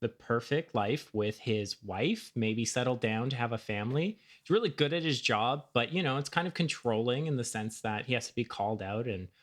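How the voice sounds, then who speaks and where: A man's voice: medium pitch, animated, normal speed, few pauses. A man co-hosting a movie podcast, laid-back and rambling with plenty of fillers. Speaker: podcast co-host. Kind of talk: casual movie-review chat.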